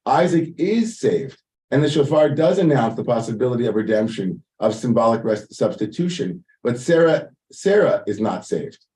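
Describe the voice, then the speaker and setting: A man's voice: medium pitch, big pitch swings, normal speed, mellow, recorded from a distance, rough recording. A man leading a Torah study lesson, translating Hebrew lines and explaining them in an informal way with many asides. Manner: explains Hebrew text line by line, translating as he goes. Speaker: teacher leading text study.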